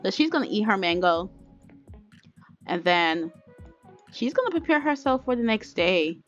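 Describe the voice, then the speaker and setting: A woman's voice: mid-range voice, very animated, measured pace, muffled recording. A woman hosting a game let's play, narrating in a chatty, dramatic way straight to her viewers. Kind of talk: casual game commentary. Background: faint music.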